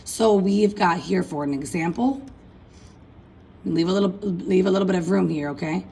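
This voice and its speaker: A woman's voice: fairly low pitch, normal speed, gravelly, warm tone, breathy edge, poor audio. A woman teaching a recorded class lesson, chanting verb endings aloud and addressing her students as folks. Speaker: Spanish teacher.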